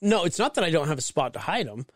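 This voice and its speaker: Man, thirties, crude podcast banter, higher-pitched, dry close sound. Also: fast talker, no room sound. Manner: profane, storytelling, animated. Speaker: podcast co-host.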